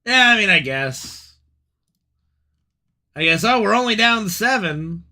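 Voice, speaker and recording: A man streaming a game, chatting casually with his chat, swearing freely and breaking into loud outbursts and laughter. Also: high-pitched, animated, slow, pauses often.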